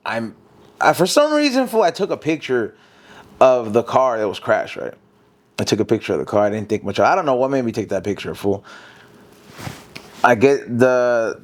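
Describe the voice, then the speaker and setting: A man, a podcast guest telling a story in casual, slangy talk and dropping "fool" and "bro" often. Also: medium pitch. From South Central Los Angeles. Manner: slangy, animated, says fool and bro a lot.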